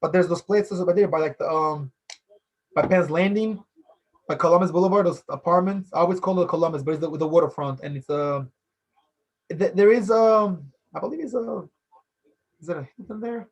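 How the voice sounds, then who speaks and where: A Philadelphia-based podcast host with a high, brisk voice runs a casual solo show. He rambles loosely, repeats phrases, and fills gaps with "you know".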